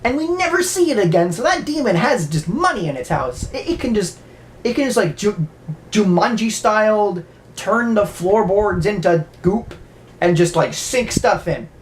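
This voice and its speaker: A woman's voice: medium pitch, expressive, moderate pace, a little hiss or hum. A woman casually recapping a horror movie, rambling, stammering often and swearing freely. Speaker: movie reviewer.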